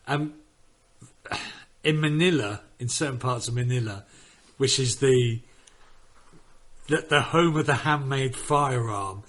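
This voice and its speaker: A man chatting on a podcast with a bright, forward voice. He rambles through his stories, swearing freely and restarting his sentences. His pitch sits in the middle. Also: slow pace, long pauses. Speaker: podcast panelist. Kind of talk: casual chat.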